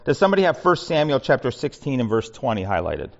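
A man's voice: medium pitch, big pitch swings, quick pace, gravelly. A man leading a Bible study, talking conversationally with frequent restarts and asides. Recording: muffled lo-fi recording.

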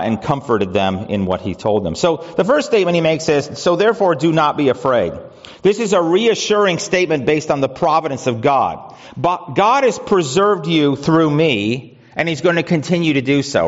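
A man preaching a conversational sermon as pastor, with rhetorical questions and frequent restarts. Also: on the high side. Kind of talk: expository sermon. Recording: dull sound with long reverb in a hall.

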